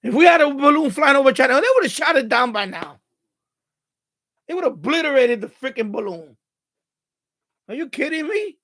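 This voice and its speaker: A man's voice: extremely high pitch, lively intonation, normal speed, pauses often, a bit bright. A man live-streaming about radio, ranting in an exasperated way and swearing freely at a desk mic.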